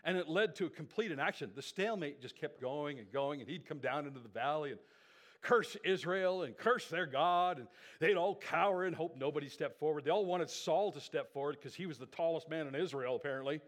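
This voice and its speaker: A man preaching a sermon, retelling a Bible story as an animated storyteller who checks in with his listeners. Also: a little high, brisk. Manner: animated storyteller with conversational asides. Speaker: pastor.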